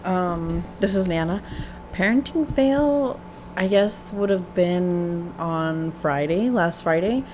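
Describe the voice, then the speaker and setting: A woman, a mother and graduate student, talking casually with many pauses and fillers, laughing as she goes. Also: fairly low pitch, a little mellow, a little hiss or hum. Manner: hesitant, many ums, laughs as she talks. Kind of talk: casual group chat.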